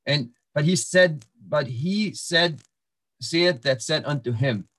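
Male preacher with a fairly high voice, teaching verse by verse, loose and halting. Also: fairly bright tone. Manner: walks through verses, repeats words and restarts, frequent fillers. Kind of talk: sermon-style Bible teaching.

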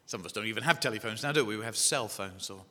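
A man's voice: lowish voice, fast, bright, forceful tone. A man with an English accent preaching a sermon, repeating key phrases and putting questions to his listeners. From England. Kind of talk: evangelistic sermon. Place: church hall. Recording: echoey hall with long reverb.

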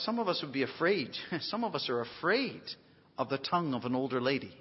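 A man preaching a sermon, swinging from quiet folksy asides to emphatic near-shouts, with self-deprecating humor. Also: mid-range voice, sing-song, brisk, slightly rough. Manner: emphatic, rising to near shouts on key phrases. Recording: dull lo-fi recording in a long-reverb hall.

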